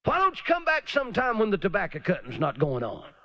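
A man's voice: high-pitched, huge pitch swings, a little fast, pushed and bright, no room sound, exaggerated voice. A man voicing an evasive churchgoer who keeps putting off salvation. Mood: excusing. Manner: folksy, excuse-making.

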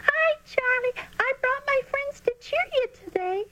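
Woman putting on a squeaky little girl, very high, cheery storybook fan, slow and drawn out. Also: lively intonation, sharp tone, slight background noise, exaggerated voice. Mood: cheering.

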